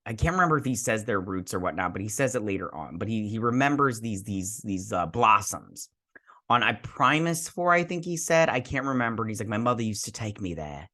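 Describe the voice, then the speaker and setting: With a lowish voice, a thirtysomething man delivers a spoiler-heavy, laid-back TV episode review. He rambles excitedly, saying "like" constantly and restarting his sentences quickly.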